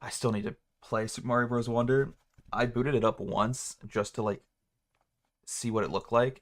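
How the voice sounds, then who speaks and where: A man's voice: fairly low pitch, fairly bright tone. A man hosting a casual livestream, rambling and laughing at himself as he talks. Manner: rambling, laughs often, self-mocking. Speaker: streamer.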